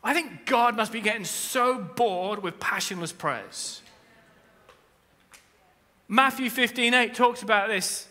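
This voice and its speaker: A man preaching a sermon as pastor, animated, jumping between quiet asides and shouted appeals, with humorous asides. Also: sits high, slow, pauses often. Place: large church hall. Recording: long reverb of a church hall.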